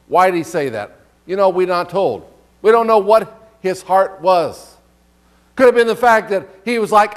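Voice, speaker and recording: A man with a notably high voice preaches a sermon in a relaxed, conversational way. He asks the congregation questions and reads scripture aloud between his own comments. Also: normal speed. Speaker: pastor.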